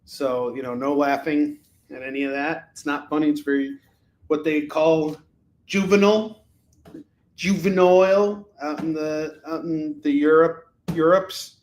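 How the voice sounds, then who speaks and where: A man with a somewhat high, darkish voice speaks flatly at a normal speed. He's hosting a live comic-book sale stream from a room at home, rambling and joking with plenty of fillers in casual selling chat. The room sounds echoey.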